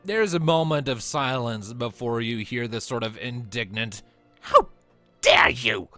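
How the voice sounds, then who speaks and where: A man running a tabletop game as game master, narrating scenes in a relaxed, descriptive way with casual fillers. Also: mid-range voice, moderate pace, faint music behind.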